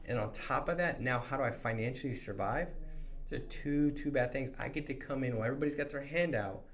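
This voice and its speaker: A man giving a motivational sales training talk to new insurance agents, energetic and conversational, often restarting his sentences. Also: mid-range voice, quick pace, faint music behind.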